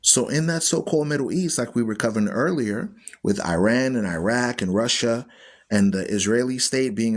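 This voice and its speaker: A man hosting an online Bible radio show, teaching scripture in an emphatic, preachy way and repeating phrases for stress. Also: medium pitch. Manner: preachy, argues with viewers.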